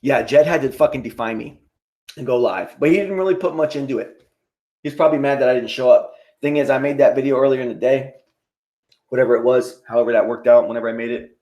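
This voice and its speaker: A man's voice: medium pitch, fairly even intonation, quick pace, dark tone. A man hosting a live stream, ranting in a casual, preachy, profane way and getting worked up.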